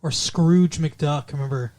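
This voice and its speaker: A man's voice: fairly high pitch, a little slow, darkish tone. Joking male podcast host. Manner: joking, teasing. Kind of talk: casual chat.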